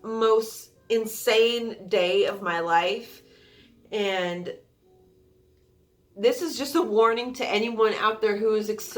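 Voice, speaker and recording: Speaking in a mid-range, slightly bright voice, a young woman shares a personal story with her viewers, candid and casual. She swears freely and performs other people's lines, shrieking as she quotes them.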